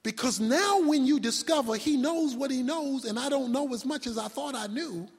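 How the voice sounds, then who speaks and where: A man preaching a sermon as pastor, swinging from loud shouts down to near-whispers. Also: very high-pitched, moderate pace. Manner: preaching with sudden shouts and drops to a hush. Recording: long hall reverb.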